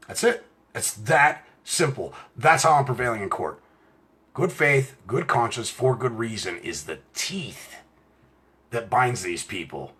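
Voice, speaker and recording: A middle-aged American man giving an impassioned, profane talk about rights, swinging from quiet asides to shouting. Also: on the high side. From United States. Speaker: self-styled legal rights speaker. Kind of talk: impassioned direct-to-camera rant.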